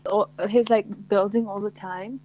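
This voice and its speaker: A woman's voice: mid-range voice, fairly even intonation, mellow, rough recording. A young woman co-hosting a casual podcast, giggling often and swearing freely in loose, rambling chat. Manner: giggly, swearing, quick asides. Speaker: podcast co-host. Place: lives in New York.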